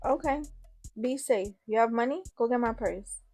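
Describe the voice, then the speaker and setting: Brisk caring mom, woman reading her, a bit creaky. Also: on the high side, warm tone, dry recording, soft background music. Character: caring mother of a teen girl.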